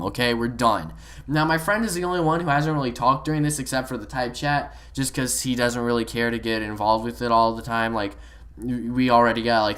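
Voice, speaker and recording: Excited young man ranting a story. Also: fairly high pitch. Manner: excited, rambling, full of "like" and "man". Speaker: gaming vlogger. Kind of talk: casual storytime rant.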